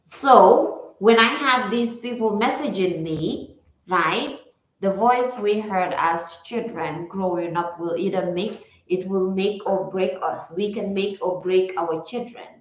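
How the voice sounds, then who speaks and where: Slow, reflective wellness coach woman. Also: mid-range voice. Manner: slow, reflective, repeats key phrases. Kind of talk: casual motivational talk. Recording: roomy, slightly dull recording.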